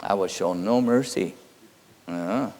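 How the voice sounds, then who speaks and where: Slow, halting male spiritual teacher. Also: deep voice. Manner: halting, many fillers, quietly intense. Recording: long hall reverb.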